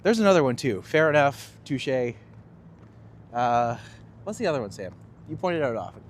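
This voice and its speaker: A Canadian man and tour guide chatting casually while walking outdoors on a live stream, animated and self-deprecating, on a handheld phone with traffic noise behind. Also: mid-range voice, normal speed. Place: outdoors on city streets.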